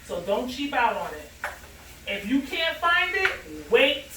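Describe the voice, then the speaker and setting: High-voiced woman chatting in an echoey kitchen. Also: very animated, a little slow, background noise. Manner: chatty, playful, talks straight to viewers. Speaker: cooking vlogger. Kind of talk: casual cooking chat. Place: home kitchen. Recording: echoey kitchen, mic at a distance, music behind.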